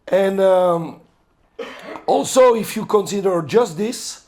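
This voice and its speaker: A middle-aged French-accented man lectures a room of coaches in English, his voice sitting notably high for a man. He talks in halting bursts, often stalling on fillers while he hunts for the right word. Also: darkish tone. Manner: halting, searches for words, frequent fillers. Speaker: volleyball coach giving a seminar talk.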